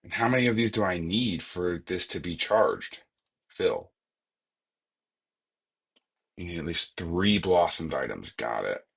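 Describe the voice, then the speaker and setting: A man's voice: low voice, lively intonation, a little slow, gravelly, pauses often, fairly bright tone, husky. A man giving casual, joking commentary while playing a video game, chatting to himself about what he needs next. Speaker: gaming streamer.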